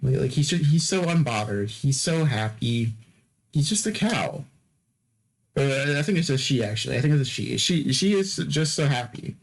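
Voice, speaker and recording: A man's voice: mid-range voice, animated, normal speed, vocal fry, hardly any pauses, slight background noise, poor audio. A man hosting a podcast in a casual, rambling monologue, drowsy and yawning, often stammering and repeating himself. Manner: repeats words and phrases, stammering restarts; drowsy, yawning between topics. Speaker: podcast host.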